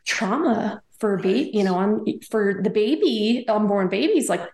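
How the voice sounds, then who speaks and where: A woman's voice: medium pitch, lively intonation, a little slow, creaky, a little mellow, roomy sound. A woman, probably in her thirties, telling an emotional personal story in an interview, rambling with many "like"s and "you know"s. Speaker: guest.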